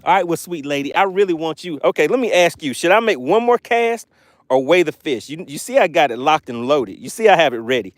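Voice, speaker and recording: Chatty fishing livestream host, dry close sound. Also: male voice, fairly high pitch, very animated, a little fast, dry recording. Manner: chatty, reads viewer comments aloud, laughs often. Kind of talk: live stream chat from a boat. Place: outdoors on a fishing boat.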